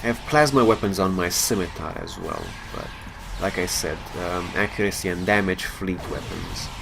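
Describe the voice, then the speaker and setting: Male let's play host, low gravelly voice, loose joking commentary. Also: normal speed, over music. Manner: jokey and rambling, chuckles at his own jokes. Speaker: gaming channel host.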